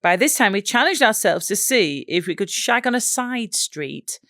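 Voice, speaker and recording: A woman co-hosting a podcast, reading listener stories aloud in a giggly, lively way, with an English accent. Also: medium pitch, moderate pace, dry recording, studio quality. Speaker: podcast co-host.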